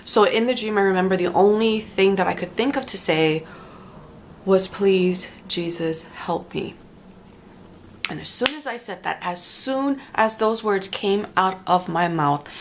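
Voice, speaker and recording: A woman telling a dramatic first-person story to the camera, halting often with repeats and restarts. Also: mid-range voice. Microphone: facing the camera.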